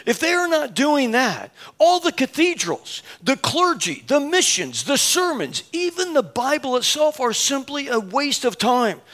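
A man in his fifties preaching a sermon, telling a story with lively acted-out dialogue and laughing at himself. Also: extremely high pitch. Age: 50s. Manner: animated, acts out both sides of dialogue, laughs at himself.

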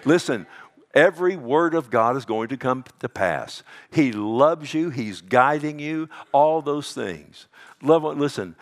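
Impassioned pastor swinging loud to whisper. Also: male voice, medium pitch. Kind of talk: sermon.

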